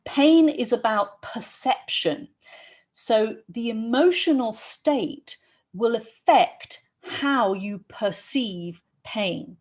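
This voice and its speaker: Lively woman giving a health talk. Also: on the high side, extremely slow. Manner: lively, often asks "right?". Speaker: health practitioner for performing artists. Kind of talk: educational talk.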